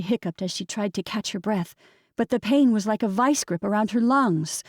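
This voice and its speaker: A woman reading a novel aloud at a middling pitch, gentle and measured. Her voice is recorded close and dry, with no room sound. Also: dry recording. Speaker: audiobook narrator. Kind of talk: scripted narration.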